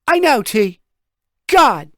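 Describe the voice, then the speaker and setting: A man's voice: high voice, expressive, measured pace, no room sound, studio quality, pitched above the performer's own voice. A man reading an audiobook, voicing an insecure, hot-tempered young woman who talks in a snappy, defensive way. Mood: exasperated.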